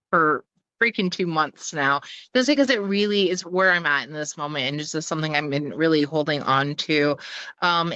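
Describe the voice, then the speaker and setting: A woman's voice: low-pitched, a bit bright, clear, resonant tone, dry recording. A woman talking as a podcast guest in casual conversation, chatty and full of fillers, with the odd swear. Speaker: podcast guest, clowning teacher.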